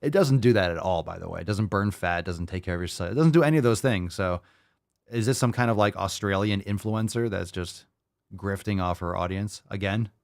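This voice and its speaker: A podcast host reacting to videos with sarcastic, profane commentary and mocking asides. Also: male voice, deep voice, fairly quick, gravelly, no room sound, studio quality.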